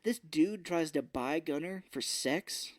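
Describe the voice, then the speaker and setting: A man co-hosting a film podcast, casually recapping a movie's plot and slipping into quick voices for its characters. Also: fairly high pitch, dry recording, studio quality. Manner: retells scenes with quick put-on character voices. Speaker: podcast co-host.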